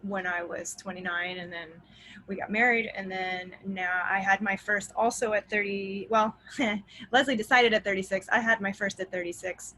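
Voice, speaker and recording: A pregnant woman in her thirties on a video-call panel, speaking candidly in a bright, forward voice. Her sentences often trail off softly. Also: medium pitch, fairly even intonation, normal speed, rough recording. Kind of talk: casual panel talk.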